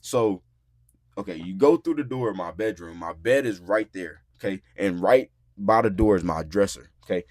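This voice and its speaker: Animated young man telling a wild story. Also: sits low, moderate pace, no room sound, clean studio sound. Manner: animated, profane, acts out quotes loudly; frequent filler words like "bro" and "like". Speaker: podcast host. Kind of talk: casual storytelling. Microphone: podcast mic.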